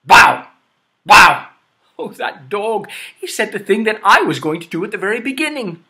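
A man telling stories to children in a playful, animated way, inviting listeners to join in. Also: high-pitched, brisk. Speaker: storyteller. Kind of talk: storytelling for children.

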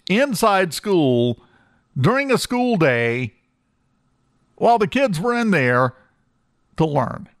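A man's voice: high voice, sing-song, takes it slowly, pauses often, dry recording. A man hosting a talk radio show in a studio, delivering a blunt, sarcastic opinion monologue with emphatic repetition.

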